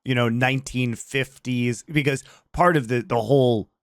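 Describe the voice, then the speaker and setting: A man's voice: medium pitch, steady tone, moderate pace, no echo. Male podcast co-host, mid voice, dry mic, eager fragments. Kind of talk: casual film chat.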